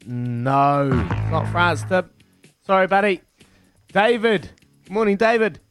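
A man's voice: high-pitched, animated, takes it slowly, a bit bright, faint music behind. A man with a New Zealand accent hosting a breezy radio quiz, teasing callers and counting down aloud. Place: radio studio.

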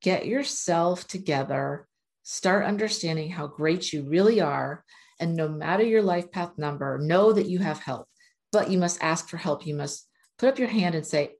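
Earnest woman with a lowish voice, reading oracle cards and encouraging her viewers. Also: normal speed, creaky, darkish tone. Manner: earnest, encouraging, blunt at times. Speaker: spiritual oracle card reader.

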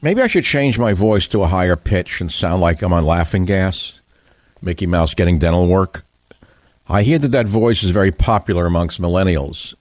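A man's voice: deep voice, animated, normal speed, dry recording. A man hosting a talk radio show, delivering a combative, scornful political monologue with heavy emphasis. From United States.

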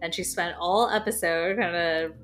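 A woman's voice: fairly low pitch, steady tone, normal speed, a bit bright. A woman co-hosting a casual podcast, chatting in a friendly way and laughing easily. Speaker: podcast co-host.

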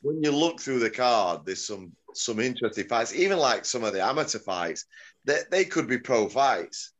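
In a casual interview, a middle-aged man who promotes combat sports rambles, chuckles and keeps correcting himself. His medium-pitched voice is sing-song and fairly bright in tone, at a normal speed.

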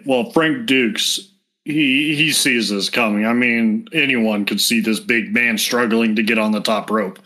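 A man co-hosting a podcast, calmly laying out his side of a mock fight. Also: mid-range voice. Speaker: podcast co-host. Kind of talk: casual podcast banter.

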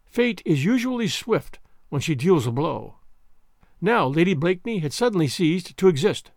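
Expressive male audiobook narrator. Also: fairly high pitch, normal speed, no echo, clean studio sound. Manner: expressive, dramatic reading. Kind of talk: scripted narration of a classic novel.

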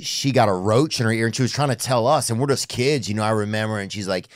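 A man's voice: on the low side, fast, no room sound, studio quality. A man hosting a podcast, telling stories in a rambling, casual way with lots of fillers and the odd curse. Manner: rambling, trailing off, frequent fillers and profanity. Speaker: podcast host. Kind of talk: casual chat; host-read ad.

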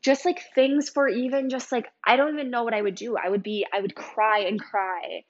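A woman's voice: fairly high pitch, fairly even intonation, moderate pace. Young woman podcast host, confiding and raw, curses often, muffled lo-fi sound. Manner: emotional, confiding, swears, lots of "like" and "um". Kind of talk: candid personal storytelling.

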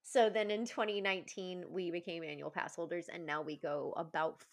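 A woman in her thirties, a podcast guest telling warm, emotional stories in casual chat and laughing often. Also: fairly low pitch, fairly even intonation, normal speed.

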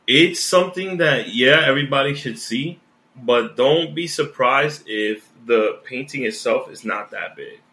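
A man co-hosting a podcast, chatting casually and getting animated as he tells his stories. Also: medium pitch, measured pace. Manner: excited, talks over others. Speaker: podcast co-host. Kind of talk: casual chat. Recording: echoey room.

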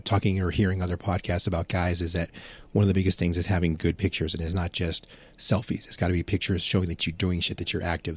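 A man's voice: sits low, husky. A man chatting casually on a podcast, telling rambling, profane anecdotes. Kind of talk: casual chat.

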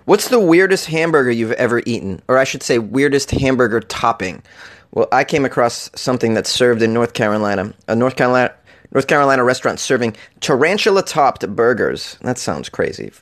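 A man at an ordinary middle pitch hosts a comedy news show, reading odd stories aloud and riffing on them. He is sarcastic and swears casually as he talks. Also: lively intonation, brisk. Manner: sarcastic, swears casually, laughs at his own jokes. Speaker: podcast host.

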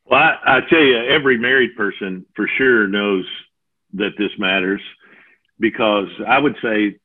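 A man's voice: lowish voice, measured pace. Older man on a tinny line. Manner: animated, acts out quoted voices. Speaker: preaching mentor. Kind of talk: interview answers. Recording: phone-like narrow audio.

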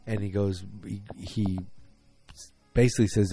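A man's voice: lowish voice, unhurried, dark tone, no room sound, soft background music. A man casually recapping a TV episode, rambling with many ums and restarts while retelling scenes and quoting characters. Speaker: TV show recapper.

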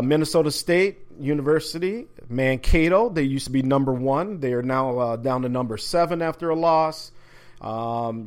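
A man's voice: mid-range voice, darkish tone. A man hosting a sports talk podcast from an office, talking casually with plenty of fillers and restarts. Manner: laid-back, chatty, many fillers and restarts. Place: home office.

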